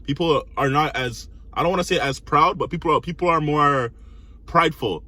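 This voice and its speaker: A man's voice: on the high side, moderate pace, sharp tone. A man giving rambling casual commentary, constantly asking "you know what I mean". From Canada. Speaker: commentary host.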